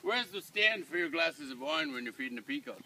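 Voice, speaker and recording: At an outdoor ranch, a vlogger chats casually while feeding animals, coaxing them in baby talk. His very high, gravelly voice swoops wildly in pitch and moves fairly quickly, and the outdoor recording is noisy.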